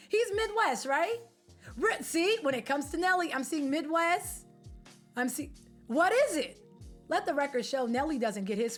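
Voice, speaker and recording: A woman streamer chatting casually with her live viewers, animated, slangy and opinionated. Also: a little high. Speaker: game streamer.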